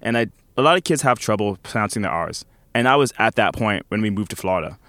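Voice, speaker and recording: A man's voice: fairly low pitch, animated, quick pace, a bit bright, no echo. A man in his thirties with a British-sounding American accent and unusual R sounds, chatting loosely as an interview guest. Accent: American with British-sounding speech. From United States, grew up in Orlando. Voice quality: unusual R sounds from a childhood speech impediment. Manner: rambling, filler-heavy, laughs easily. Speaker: guest, band member. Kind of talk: casual interview chat.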